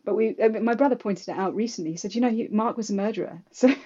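A woman from London, a guest telling family stories in a lively, anecdotal way with quick asides. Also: mid-range voice. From England, London. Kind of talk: casual storytelling interview. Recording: slightly dull lo-fi audio.

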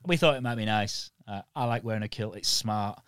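Man, Yorkshire accent, low voice, dry close sound, blunt and sweary, podcast guest. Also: a little fast, fairly bright tone, clean tone, no room sound. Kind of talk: casual conversation.

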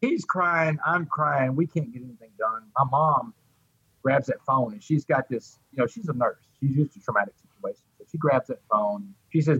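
A man's voice: mid-range voice, brisk, a bit bright, husky, dry recording, dull audio. A middle-aged man telling his recovery story in an interview, heartfelt and repeating words as he goes. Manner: heartfelt, repeats words, addresses the host by name.

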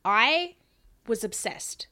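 A woman co-hosting a podcast, telling stories in a relaxed, chatty way. Her laughter comes through easily as she talks. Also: fairly high pitch, drawn-out words. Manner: chatty storytelling, laughs often. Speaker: podcast co-host. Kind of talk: casual chat.

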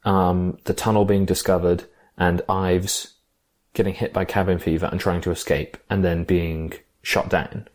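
A man's voice: sits low, flat delivery, measured pace, a little mellow. A man chatting casually about a favourite film, enthusiastic and reflective. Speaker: film podcast co-host.

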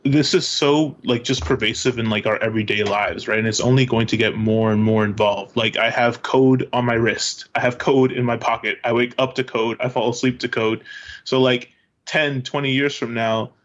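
A man's voice: mid-range voice, fairly even intonation, normal speed, muffled recording. A male teacher speaking conversationally, peppering his sentences with "like" and "right.". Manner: conversational, keeps saying "like" and "right". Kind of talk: casual conversation.

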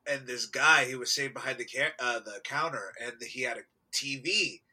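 A young man co-hosting a casual podcast chat, telling animated stories and acting out quotes, with frequent laughs and shouts. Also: medium pitch, moderate pace, slightly rough, low-quality recording. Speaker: podcast co-host.

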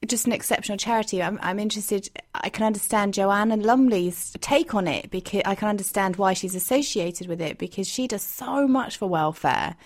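A woman's voice: medium pitch, fairly quick, few pauses. A woman hosting a podcast, chatty and friendly as she interviews a guest. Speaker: podcast host. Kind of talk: interview conversation.

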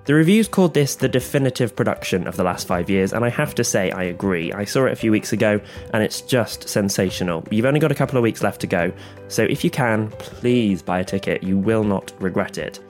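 Male podcast host, low voice, nasal from a cold, chatty, faint music behind. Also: expressive, a little fast. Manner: enthusiastic, chatty. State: has a cold. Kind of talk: conversational interview.

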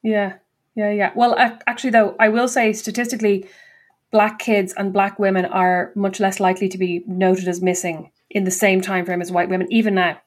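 A woman's voice: medium pitch, little pitch movement, normal speed. Dry-witted woman co-host. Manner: dry teasing interjections. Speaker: podcast co-host. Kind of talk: casual chat.

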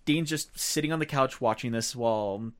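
A man's voice: medium pitch, normal speed. A man on a casual movie podcast, filling in scene details and reacting to the others. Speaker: podcast co-host. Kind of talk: casual film discussion.

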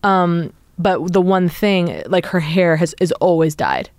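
A woman's voice: lowish voice, animated, a little slow, a little mellow, dry recording, clean studio sound. A woman in her forties, chatting casually as a guest and rambling with lots of fillers. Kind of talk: casual conversation.

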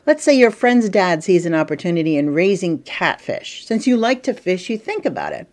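A middle-aged woman teaching a casual business lesson as a marketing coach and podcast host, chatty and lively, with playful asides. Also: fairly low pitch.

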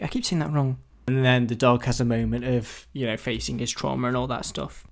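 A man hosting his own podcast talks through ideas off the cuff. He rambles, trips over his words and pokes fun at himself. His voice sits in an ordinary middle pitch. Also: fairly even intonation, a little fast. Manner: rambling, self-deprecating, thinks aloud with many restarts. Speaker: podcast host. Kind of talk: solo casual podcast brainstorming.

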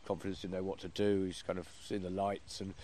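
Low voice guy telling a funny comedy-club story, animated, bit of background noise. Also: fast. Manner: animated storyteller, laughing, acting out quotes. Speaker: performer. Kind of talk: anecdote in casual chat.

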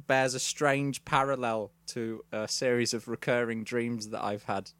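A man's voice: mid-range voice, flat delivery, measured pace, fairly bright tone, no echo. A man co-hosting a podcast, talking in a casual, dry, self-deprecating way. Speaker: podcast co-host. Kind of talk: casual chat.

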